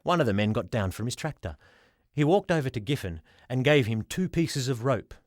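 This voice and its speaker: A man reading a children's storybook aloud as the narrator, in an expressive way. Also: mid-range voice, a little fast, no echo, studio quality. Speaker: audiobook reader.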